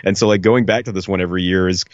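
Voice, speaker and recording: Low-voiced man rambling enthusiastically, lo-fi. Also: fairly even intonation, rapid-fire, dry recording. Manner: rambling, enthusiastic storyteller with many fillers. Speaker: podcast co-host. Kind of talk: casual chat. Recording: dull lo-fi podcast audio.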